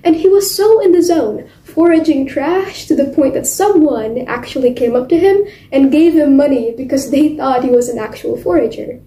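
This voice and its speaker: A teenage girl delivers a memorized contest speech in a high, mellow voice. She is dramatic, with theatrical pauses and sudden drops to near silence. The sound is echoey, as in a hard-walled room. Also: animated. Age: teens.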